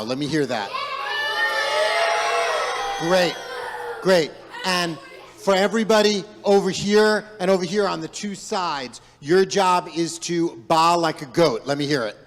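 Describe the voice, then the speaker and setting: Man, rabbi, playful storyteller, high voice, long echo of a big sanctuary. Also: slight background noise. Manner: playful, directing audience participation. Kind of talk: storytelling to a congregation. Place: large synagogue sanctuary. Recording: long hall reverb.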